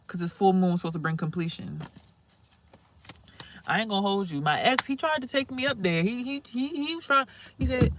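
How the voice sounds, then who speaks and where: A young woman rambling casually in a spiritual vlog outdoors, animated and swearing, exclaiming at things she sees. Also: mid-range voice, fairly quick, a little hiss or hum. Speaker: spiritual vlogger and reader. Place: outdoors near trees.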